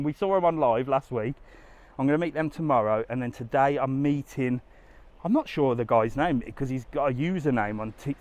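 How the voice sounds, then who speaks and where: A middle-aged man on a live walking vlog outdoors, chatting to viewers and getting out of breath on the stairs. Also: mid-range voice. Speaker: travel vlogger. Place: outdoors on a hillside walk.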